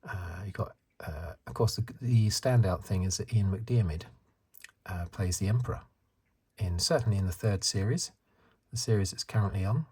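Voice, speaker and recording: A soft-spoken man in his fifties from the UK chats in a low, mellow voice with an extremely smooth, resonant tone. He rambles and corrects himself as he goes, in a relaxed ASMR style. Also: moderate pace. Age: 50s. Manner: rambling, self-correcting, chuckles. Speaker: ASMR channel host.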